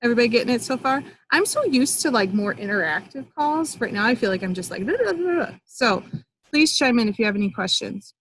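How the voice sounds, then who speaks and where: A woman's voice: a little high, expressive, brisk, fairly bright tone, slight background noise, poor audio. Chatty upbeat woman coaching on a call. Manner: chatty and upbeat, with fillers and acted-out example dialogue. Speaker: network marketing coach. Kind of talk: live online training call.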